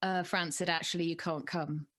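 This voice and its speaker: A woman co-hosting a running podcast in casual chat, lively and quick to put on silly voices. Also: on the low side. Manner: chatty, animated, puts on silly voices when quoting. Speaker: podcast co-host.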